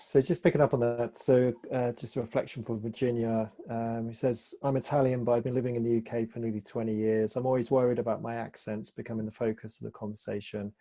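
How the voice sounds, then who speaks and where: A man's voice: medium pitch, little pitch movement, fast talker, hardly any pauses, mellow. A man hosting a webinar, reading out audience questions with many fillers and hesitations. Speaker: webinar host.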